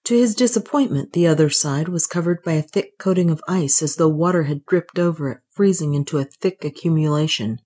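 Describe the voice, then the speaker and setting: A woman with a low voice reads a story aloud. Her delivery is steady and even, a calm scripted narration. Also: brisk, few pauses, slightly rough.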